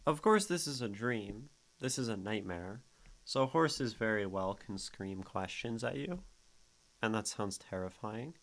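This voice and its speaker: A man's voice: fairly low pitch, lively intonation, unhurried, fairly bright tone. A man streaming as host, casually critiquing a poem and humming out its rhythms, often laughing. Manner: explains rhythm by vocalizing beats, laughs often. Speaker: streamer reading and critiquing poetry. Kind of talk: casual chat.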